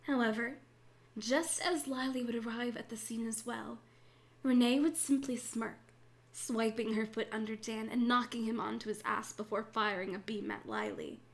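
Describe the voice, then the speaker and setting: A woman's voice: on the high side, fairly even intonation, moderate pace, gravelly. A young woman narrating a Minecraft role-play as game master, then playing frantically and swearing through the fights. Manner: frantic, swearing during combat.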